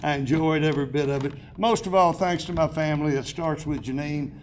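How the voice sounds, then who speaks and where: Man, 70s, award acceptance speech, folksy storyteller, self-deprecating, a bit high-pitched, banquet hall podium mic. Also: brisk, a little hiss or hum. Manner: chatty storyteller with self-deprecating humor, restarts and chuckles.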